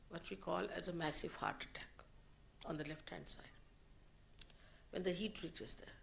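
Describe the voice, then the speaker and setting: A woman giving a slow, deliberate spiritual lecture, in a 1990 archive recording. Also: mid-range voice, gravelly. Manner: slow, deliberate teaching with rising emphasis. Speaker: spiritual teacher.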